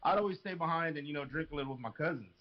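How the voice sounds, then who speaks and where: A man's voice: fairly high pitch, very fast, lo-fi sound. A young man from a Mexican family telling funny family stories on a podcast, swearing and laughing. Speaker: podcast co-host. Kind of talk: casual chat, storytelling.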